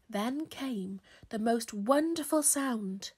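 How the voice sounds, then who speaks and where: Woman, children's storyteller, slow, expressive, high-ish voice. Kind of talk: reading a picture book aloud.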